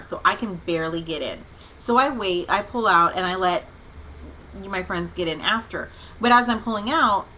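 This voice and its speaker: A woman's voice: medium pitch, pushed and bright, slight background noise, poor audio. A woman hosting a casual devotional vlog, telling a long story in a chatty, rambling way with many fillers and restarts. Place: home livestream. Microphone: webcam or computer mic.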